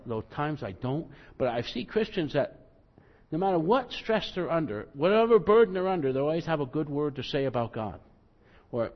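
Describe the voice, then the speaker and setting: A male pastor preaching a sermon in a conversational, self-deprecating way, acting out quotes with rising emphasis. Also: on the high side. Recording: muffled, long hall reverb.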